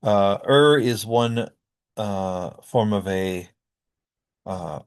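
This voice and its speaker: Low-voiced man explaining phonetics. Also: drawn-out words, clear, resonant tone. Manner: explanatory, frequent uh and um fillers. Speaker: linguistics lecturer. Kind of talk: recorded classroom lecture.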